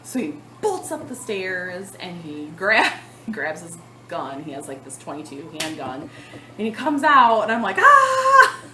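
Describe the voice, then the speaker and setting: A woman in her thirties telling a long story to the camera in a casual vlog, chatty and animated, with lots of fillers. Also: lowish voice, measured pace, echoey room, a little hiss or hum, poor audio. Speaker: cross-stitch vlogger.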